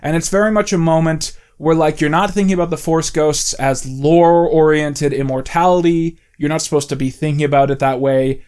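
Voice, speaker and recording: A man's voice: fairly high pitch, steady tone, normal speed, few pauses, darkish tone, clear, resonant tone. A man talking off the cuff into a close mic, explaining at length in a casual, rambling way with many "you know"s and "like"s. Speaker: video essay host.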